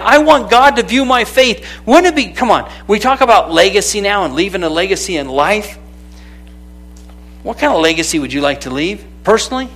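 A man preaching a sermon, lively and conversational, calling out to people in the room by name. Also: on the high side. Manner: animated, calls out to people by name. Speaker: pastor.

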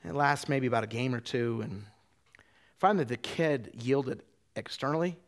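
Gravelly-voiced pastor telling a sermon story. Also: male voice, mid-range voice, moderate pace. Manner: conversational, many restarts, drops to hushed quotes.

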